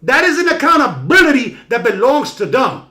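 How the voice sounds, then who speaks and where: A man hosting a live-streamed talk show, giving an animated motivational monologue that swings from loud emphatic bursts to low quiet asides. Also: a little fast.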